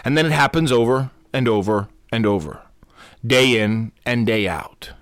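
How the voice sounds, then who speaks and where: A man's voice: mid-range voice, expressive, normal speed, a bit bright, dry recording, studio quality. A man who is a Lutheran pastor hosting a podcast, giving an unscripted teaching talk that often repeats and corrects itself and checks in with "okay?". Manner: repetitive, self-correcting, asks "okay?" often.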